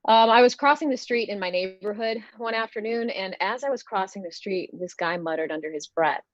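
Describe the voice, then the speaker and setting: A woman's voice: medium pitch, a little fast, no room sound. Female stand-up comic, wry and conversational, dull dry video-call audio. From United States. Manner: wry, conversational storytelling with many fillers. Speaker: stand-up comedian guest. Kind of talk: stand-up comedy set.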